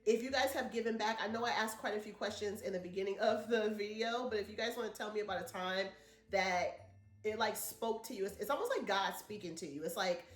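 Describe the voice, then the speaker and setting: A woman's voice: medium pitch, fairly quick, reverberant, faint music behind. A woman vlogger, chatting casually and telling a rambling story to her viewers. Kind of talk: casual chat to camera.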